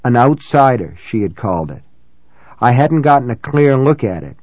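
A man of middling pitch narrates a novel in first person, calm and reflective. His delivery is measured and even. The recording is dry, close and slightly dull. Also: dry recording. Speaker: audiobook narrator.

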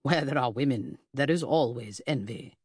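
A pompous, brusque middle-aged male detective, as a woman reader puts him on, lofty and pedantic in a storybook reading. The voice sits low and husky, with a lively rise and fall on each grand phrase. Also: moderate pace, no echo, studio quality, full character voice. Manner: lofty, formal and clipped. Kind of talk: audiobook character reading.

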